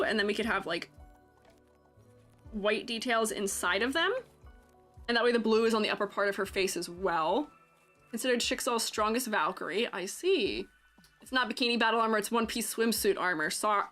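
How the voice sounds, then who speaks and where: Animated woman streamer, lively pitch. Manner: animated, chatty, laughs often, reads chat aloud. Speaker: character design teacher and streamer. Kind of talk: casual live-stream commentary.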